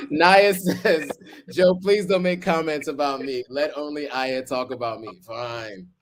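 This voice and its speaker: A man's voice: on the high side, takes it slowly, slight background noise. A man in his thirties hosting a live stream, chatting casually with lots of ums and easy laughter. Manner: laid-back, chuckling, many ums.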